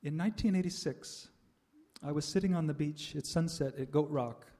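An older man giving a reflective personal testimony to an audience, pausing often with "uh" and soft laughs. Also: a little high. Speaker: speaker sharing a spiritual life story.

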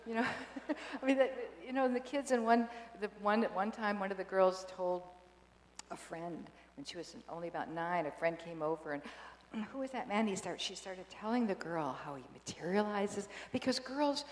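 An older woman telling a personal story to an audience, animated and emotional, with many restarts and bursts of laughter. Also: medium pitch, moderate pace. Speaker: speaker giving a personal testimony. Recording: echoey hall with long reverb.

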